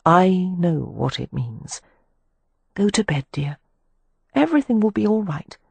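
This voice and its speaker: Woman doing amelia, firm bossy big sister, bit higher, husky, dry. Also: lively intonation, a little mellow, no room sound. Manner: brisk, firm, exasperated. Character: practical, protective eldest sister, young woman.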